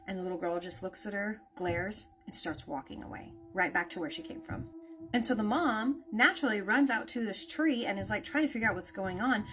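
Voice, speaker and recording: A woman's voice: medium pitch, fairly bright tone. A woman telling a spooky story in a casual, conversational way, with lots of "like" and "naturally".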